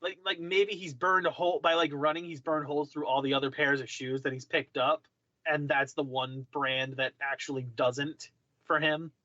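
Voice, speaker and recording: Bright, rambling young-sounding man chatting. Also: a little high, flat delivery, moderate pace, dry recording, lo-fi sound. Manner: rambling, filler-heavy, irreverent. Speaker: podcast co-host. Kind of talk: casual chat.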